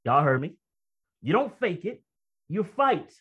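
A male preacher with a somewhat high voice delivers a sermon, slowly reading quotations aloud and then breaking into lively, emphatic commentary. The recording is dull and lo-fi, with muffled highs. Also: slightly rough. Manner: reads quoted text slowly, then comments conversationally and emphatically, often laughing. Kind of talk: sermon with read-aloud quotations and personal stories.

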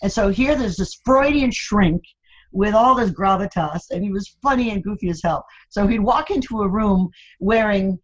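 A woman's voice: mid-range voice, normal speed, lo-fi sound. An older woman chatting as an interview guest, telling family stories and laughing often. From Florida, USA. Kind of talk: casual interview chat.

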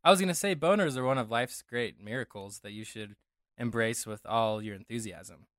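A man's voice: fairly low pitch, normal speed, a bit bright, dry recording, studio quality. A young man from Denver co-hosting a casual podcast chat, rambling and correcting himself as he jokes. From Denver, USA. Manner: rambling, self-correcting, jokey. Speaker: podcast co-host.

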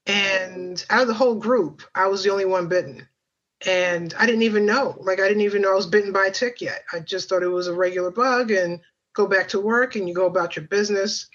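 A woman guest on a podcast recalls her story in a chatty, rambling way, full of fillers and asides. Her voice sits at a middling pitch. It comes through a slightly dull, lo-fi line. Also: fairly quick, a bit bright. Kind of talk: personal storytelling.

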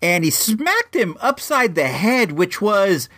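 A man in his forties, from Illinois, telling a casual personal anecdote with frequent restarts and lively asides. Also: high-pitched, takes it slowly, background noise. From Illinois, USA. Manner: rambling, frequent restarts, animated. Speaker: storyteller.

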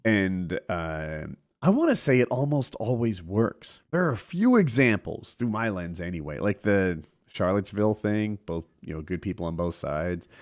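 Podcast host, male, low voice that swings widely, chatty and amused. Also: normal speed. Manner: animated, laughs often, trails off. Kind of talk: casual political chat.

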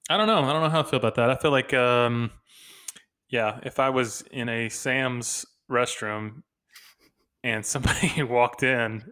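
A man's voice: mid-range voice, steady tone, moderate pace, sharp tone, smooth. Man, 30s, podcast co-host, casual chat, joking, laughs a lot. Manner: joking, laughs often, playful voices for quotes.

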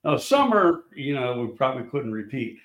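Casting: older man, blunt rambling raconteur, mid pitch, recorded in a roomy space. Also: very animated, moderate pace, noisy background. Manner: blunt, rambling storyteller with restarts and swearing. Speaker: guest, former football scout. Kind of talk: casual storytelling chat.

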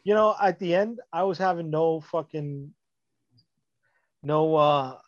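A man's voice: a little high, slow pace, no room sound, lo-fi sound. A man in casual chat, blunt and profane, dismissive in his opinions.

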